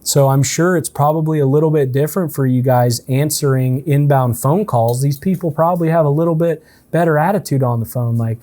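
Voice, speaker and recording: A man leading a relaxed, conversational coaching session for a team, often checking in with his listeners. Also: fairly high pitch, fairly quick, few pauses. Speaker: sales trainer. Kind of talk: casual in-person coaching session.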